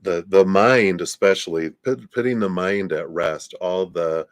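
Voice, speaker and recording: A man with a low voice reads tarot cards on a live stream, easygoing and chatty. He laughs often and trails off mid-thought. The sound is dry and close to the mic. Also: a little slow, no room sound. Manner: laid-back, laughs often, trails off and restarts. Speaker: tarot reader.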